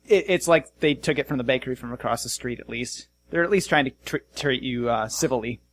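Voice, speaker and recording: A man's voice: mid-range voice, a little fast. A man narrating as game master of a tabletop game, casual and loose.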